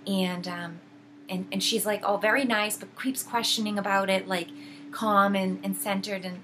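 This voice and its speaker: A woman's voice: mid-range voice, fairly even intonation, normal speed, noisy background. A woman casually retelling a book's plot, rambling with many fillers and restarts. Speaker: video host.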